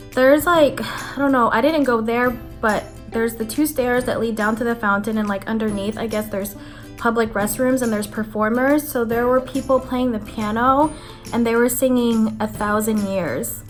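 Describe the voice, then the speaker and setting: A young adult woman vlogging to camera, telling a story in a chatty, animated way with lots of "like" fillers. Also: on the high side. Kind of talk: casual chat to camera. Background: faint background music.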